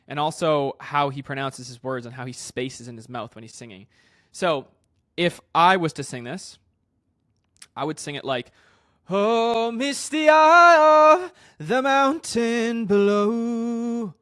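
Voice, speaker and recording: A man's voice: medium pitch, fairly bright tone, dry recording, clean studio sound. A man working as a vocal coach, explaining singing technique in a casual way, with loose fillers and restarts. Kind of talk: singing lesson with sung demonstrations.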